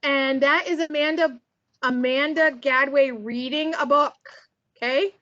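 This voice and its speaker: A woman with a high, bright-sitting voice runs a relaxed online workshop for teachers. She talks in a chatty, upbeat way and keeps checking in with her listeners. The sound is dull and lo-fi, like a web call. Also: unhurried. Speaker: teacher trainer. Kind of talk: casual online workshop presentation.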